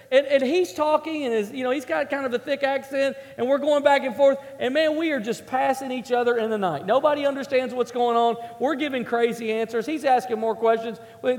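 Man, pastor, storytelling sermon, chatty, jokes at his own expense, quite high voice, reverberant hall. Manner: chatty, self-mocking, asks the audience questions. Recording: echoey hall with long reverb.

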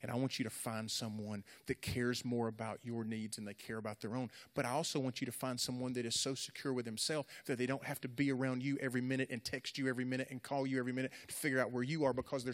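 A man's voice: mid-range voice, fairly even intonation, quick pace, few pauses. A middle-aged man preaching to young people in an earnest, repetitive, conversational way. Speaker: youth pastor. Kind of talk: sermon. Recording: echoey hall.

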